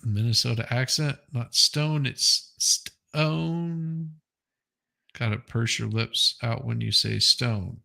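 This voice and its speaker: A man's voice: mid-range voice, takes it slowly, vocal fry, pushed and bright. A man hosting a casual reaction stream, chatting and joking as he reacts aloud. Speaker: streamer host.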